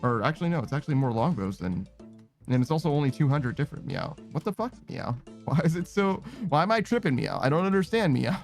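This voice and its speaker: A young man streaming a game, chatting casually and rambling, ending nearly every phrase with a quick "meow" and swearing now and then. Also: a little high, lively intonation, faint music behind. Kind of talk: casual gaming stream chat.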